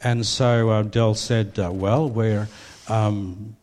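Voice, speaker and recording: A man's voice: lowish voice, steady tone, takes it slowly, hardly any pauses, a little mellow. An older man with an Australian accent, preaching a sermon and telling personal stories, with a rambling delivery full of fillers and restarts.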